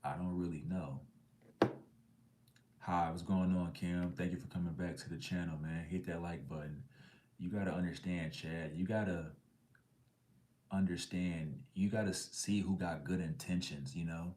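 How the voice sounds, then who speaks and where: A middle-aged man with a very low voice hosts a casual livestream. He reads out chat messages in a laid-back, slangy way and now and then drops to a whisper for an aside. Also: steady tone, moderate pace, background noise. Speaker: livestream host reading chat.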